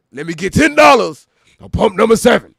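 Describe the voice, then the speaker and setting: A man putting on a rough, shouting impression of an aggressive rapper. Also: sits high, very animated, normal speed, no echo, pitched above the performer's own voice, exaggerated voice.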